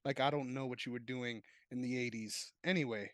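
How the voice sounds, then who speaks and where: A man's voice: medium pitch, fairly even intonation, fairly quick, dry recording. A man co-hosting a casual sports podcast, joking and swearing, laughing often. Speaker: podcast co-host.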